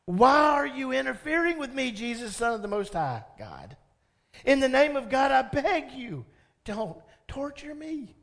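A man's voice: very animated, a little slow, vocal fry, heavily acted. A pastor voicing a tormented, shrieking possessed madman who begs for mercy in a frantic, pleading voice. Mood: desperate pleading. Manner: pleading, frantic, high and loud.

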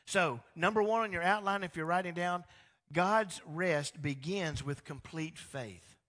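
A man preaching a sermon as pastor, animated and acting out quoted dialogue, swinging between loud emphatic peaks and quiet low passages. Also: a little slow. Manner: animated, acts out God and the people in quoted dialogue.

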